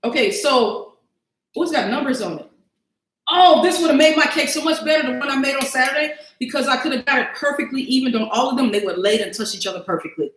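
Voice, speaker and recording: A woman's voice: high-pitched, quick pace, fairly bright tone, echoey room, poor audio. A woman hosting a casual cooking livestream, chatting to viewers as y'all and thinking aloud as she cooks in her home kitchen.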